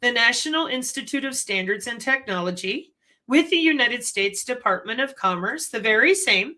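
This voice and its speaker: A woman hosting her own channel, lecturing in an animated way and asking rhetorical questions. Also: on the high side, moderate pace. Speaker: channel host. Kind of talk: commentary.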